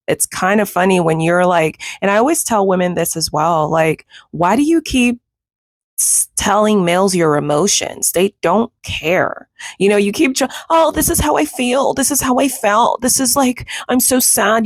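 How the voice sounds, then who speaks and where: A woman's voice: on the low side, vocal fry, no room sound, studio quality. A woman host giving reaction commentary in a blunt, scolding, lecturing way.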